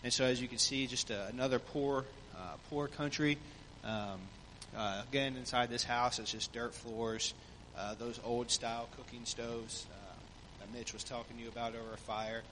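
Man, pastor, relaxed church report, many fillers, long hall echo. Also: mid-range voice, moderate pace, hardly any pauses, slight background noise.

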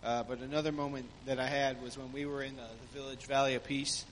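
Man, pastor, relaxed church report, many fillers, long hall echo. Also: mid-range voice, fast talker, a little hiss or hum.

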